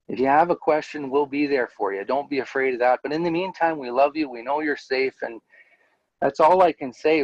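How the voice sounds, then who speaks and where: A man's voice: medium pitch, dry recording, dull audio. A man, a guest in an interview, telling his own story in a candid, earnest way and laughing now and then as he talks. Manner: earnest, animated, laughs while telling stories. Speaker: interview guest, former Jehovah's Witness elder.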